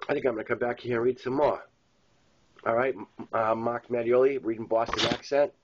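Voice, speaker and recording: A man reading his own novel aloud in first person, with plain, steady storytelling. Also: medium pitch, brisk, dull audio, background noise. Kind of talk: first-person audiobook narration.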